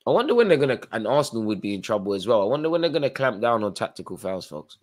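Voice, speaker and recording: A man's voice: medium pitch, very animated, rapid-fire. A tired man hosting a live football watchalong, chatting through play-by-play with fan reactions. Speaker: watchalong host.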